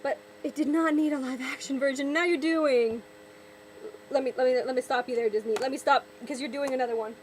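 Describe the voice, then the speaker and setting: A woman's voice: high-pitched, fairly even intonation, a little fast, slight background noise, rough recording. A young woman vlogger ranting sarcastically, exasperated, often repeating and restarting her words. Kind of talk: ranting vlog commentary.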